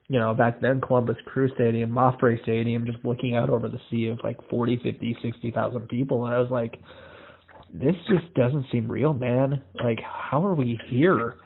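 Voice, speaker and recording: A man's voice: mid-range voice, fairly even intonation, normal speed, vocal fry, breathy edge. A male podcast host from Iowa, telling stories in casual chat, acting out the voices in them and swearing freely. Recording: tinny phone-like lo-fi audio.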